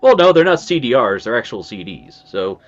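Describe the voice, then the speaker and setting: A man's voice: mid-range voice, very animated, brisk, lo-fi sound. A man co-hosting a podcast in casual, joking chat. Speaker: podcast co-host.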